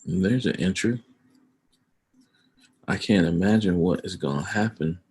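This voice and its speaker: A man hosting a livestream, talking casually and emphatically about his views and getting loud at times. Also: low voice, a little slow, slightly rough. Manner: emphatic, rising to loud outbursts. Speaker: livestream host. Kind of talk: casual opinion chat on a livestream.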